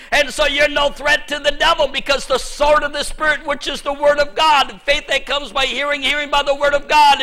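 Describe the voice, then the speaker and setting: A middle-aged male pastor preaching a sermon in church, emphatic, with sudden shouted bursts. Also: extremely high pitch.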